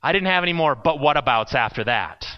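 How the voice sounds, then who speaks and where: A man preaching a sermon, telling a story with acted quotes and dramatic pauses. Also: on the high side, animated, muffled recording. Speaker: pastor.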